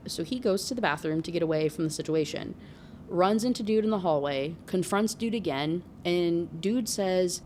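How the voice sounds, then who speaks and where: A woman book reviewer giving an animated, casual rant full of exclamations and fillers. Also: lowish voice, measured pace, a little hiss or hum.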